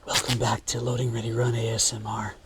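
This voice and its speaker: A man putting on a hushed ASMR host in a whispered role-play, slow and breathy. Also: medium pitch, completely flat delivery, noisy background, pitched below the performer's own voice, lightly acted.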